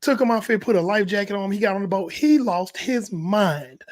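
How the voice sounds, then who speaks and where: A high-pitched man, chatting loosely about football on a podcast. He talks in an animated way and slips into little voices as he quotes imagined players and coaches. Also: a little fast, hardly any pauses. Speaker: podcast co-host. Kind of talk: casual sports talk.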